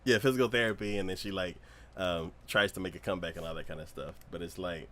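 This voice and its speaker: A man co-hosting a casual anime review podcast, retelling a show's plot as a lively storyteller who acts out scenes with loud squeals and laughter. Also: low voice, quick pace. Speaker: podcast co-host. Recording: livestream podcast.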